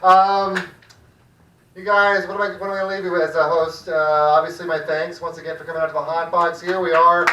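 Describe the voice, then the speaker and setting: A man's voice: on the high side, little pitch movement, a little fast. A man hosting a comedy open mic, closing the show with rambling, self-deprecating jokes in a restaurant back room. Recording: echoey room, far mic, faint noise.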